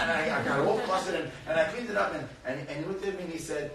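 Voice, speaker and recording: Animated man telling a story in an echoey hall. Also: on the high side, fast, hardly any pauses. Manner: animated, laughing, acts out voices in his stories. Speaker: guest speaker on parenting. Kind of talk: storytelling talk to an audience. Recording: echoey hall, far mic, crowd noise.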